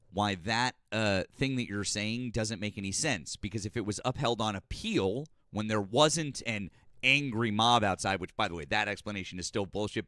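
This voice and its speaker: A man's voice: lowish voice, a bit bright, no room sound, clean studio sound. A man hosting a call-in political show, mocking and arguing with a caller, often interrupting. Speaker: host.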